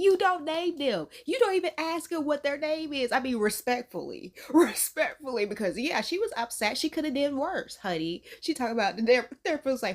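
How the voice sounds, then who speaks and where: A chatty woman from North Carolina who hosts a reaction video. Her pitch is a touch high and swings widely as she talks. She keeps laughing and keeps calling her listeners honey. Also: very animated, moderate pace. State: sneezy from allergies. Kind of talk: casual reaction commentary.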